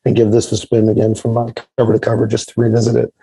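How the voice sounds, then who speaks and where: A man with a dark, husky voice presents his album pick, pausing often and filling gaps. The sound is dry and close. He talks at an easy, unhurried level. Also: fairly low pitch, completely flat delivery, dry recording, rough recording. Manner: hesitant, many fillers. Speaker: regular presenter of a record segment. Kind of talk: casual chat on a live music show.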